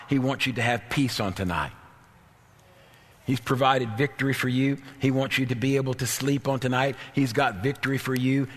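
Male preacher, evening service; husky tone, rhythmic repeating cadence; reverberant sanctuary. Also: medium pitch, fairly bright tone. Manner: fervent, repetitive preaching cadence. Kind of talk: evening church sermon. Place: church sanctuary. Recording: long reverb of a church hall.

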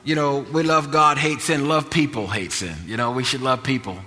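Man, preacher, earnest sermon storytelling, emphatic, tense bright tone, long echoing hall. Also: medium pitch, fairly even intonation, moderate pace, faint music behind. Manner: earnest, repetitive, builds to emphatic exhortation.

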